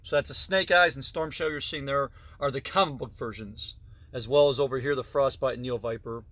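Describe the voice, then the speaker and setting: A man's voice: medium pitch, fairly quick, a bit bright, no room sound. A middle-aged man casually narrating a tour of his collection in a basement, with frequent fillers and self-corrections. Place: basement room.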